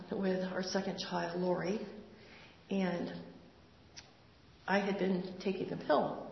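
An older woman sharing a personal faith testimony in an earnest, conversational way, with pauses and fillers. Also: on the low side, vocal fry, slight background noise. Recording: roomy hall, dull lo-fi sound.

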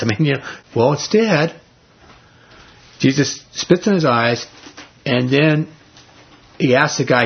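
Man, very raspy voice, informal Bible study teacher, conversational, rhetorical questions, dull lo-fi recording. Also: mid-range voice, animated, normal speed. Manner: retells scripture in everyday speech.

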